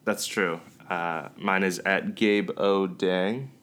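Young guy cohosting a chill podcast, really low voice, lots of ums and restarts. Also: fairly even intonation, a bit bright. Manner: easygoing, halting with fillers and restarts. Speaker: podcast co-host. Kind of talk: casual chat. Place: East Coast of the US.

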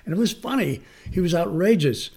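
Male magic coach, slightly high voice, animated storyteller who acts out what people said. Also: a little fast, creaky, husky. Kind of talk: storytelling in an interview.

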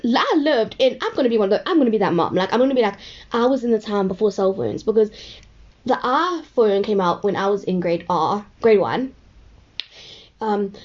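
Girl rambling thru a story, says like a lot, warm low-key tone, kinda muffled audio. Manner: rambling, chatty, heavy use of "like". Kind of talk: casual storytelling.

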